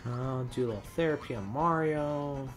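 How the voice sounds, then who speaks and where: A man hosting a let's play, calmly explaining his moves as he plays. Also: medium pitch, moderate pace, over music. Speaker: host playing a video game.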